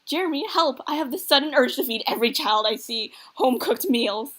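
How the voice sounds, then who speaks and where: A woman's voice: fairly high pitch, lively intonation, fairly quick, fairly bright tone. Woman reading as a corny teasing dad. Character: teasing middle-aged single father, goofy.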